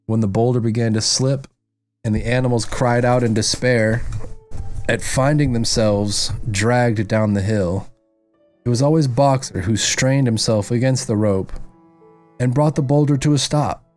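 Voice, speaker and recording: A man hosting a podcast, reading a novel aloud at a measured pace and breaking off for loose, profane comments. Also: medium pitch, darkish tone, soft background music. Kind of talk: book reading with casual commentary.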